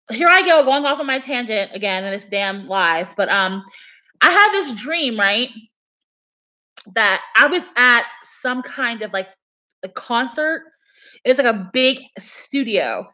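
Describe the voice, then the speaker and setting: A woman's voice: on the high side, pushed and bright. A young woman chatting casually on a livestream, telling a story in a rambling way full of fillers. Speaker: livestream host.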